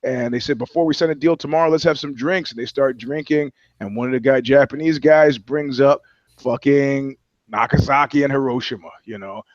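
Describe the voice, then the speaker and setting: A man's voice: medium pitch, brisk, dry recording, highs cut off. A man talking as a podcast guest, telling loose, profane anecdotes in casual chat. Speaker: guest, touring musician.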